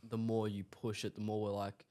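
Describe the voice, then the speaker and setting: Flat, low-voiced young man. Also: moderate pace. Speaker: son of the host. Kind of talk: casual family podcast chat.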